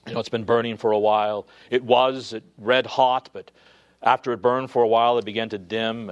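A man preaching a sermon with earnest emphasis, his voice rising loud and high at key points before falling to a hush. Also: muffled recording. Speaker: pastor.

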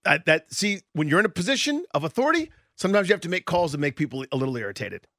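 A man co-hosting a radio talk show, telling a story in an animated way. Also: a little high, rapid-fire, no echo, studio quality. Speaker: radio co-host. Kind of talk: sports radio chat, storytelling.

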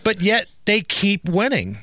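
Male radio co-host, high and bright voice, wry and incredulous. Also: big pitch swings, unhurried. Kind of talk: political talk radio.

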